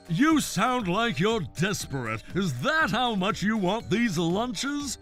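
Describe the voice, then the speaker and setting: A man narrating and voicing an animated workplace story in a dry, wry manner. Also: sits high, slow, hardly any pauses, faint music behind. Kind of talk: scripted cartoon narration and dialogue.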